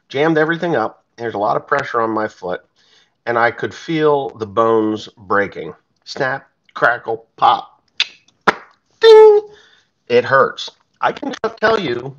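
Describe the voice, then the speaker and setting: A man's voice: fairly low pitch, bright, forceful tone, muffled recording. A man, a farmer, telling a personal story in a blunt, plain-spoken, profane way.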